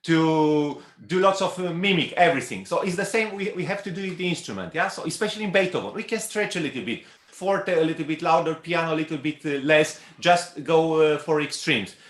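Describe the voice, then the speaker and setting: A man's voice: a little high, fairly quick. Cello teacher man in a roomy hall. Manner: hesitant, many fillers, sings phrases aloud. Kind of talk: masterclass coaching. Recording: roomy hall with instrument music.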